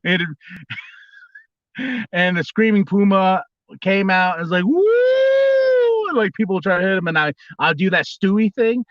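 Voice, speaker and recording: Man in his thirties, livestream host, rambling storyteller, slightly high and bright, dull dry lo-fi sound. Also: normal speed, pauses often, dry recording. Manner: rambling, restarts, bursts into high squealing impressions. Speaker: livestream host, former wrestler.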